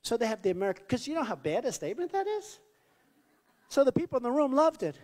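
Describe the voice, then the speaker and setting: Male candidate, boastful, repetitive rally patter, high and lively pitch, long hall reverb. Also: quick pace. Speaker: political candidate. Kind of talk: off-the-cuff campaign rally speech. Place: large rally venue.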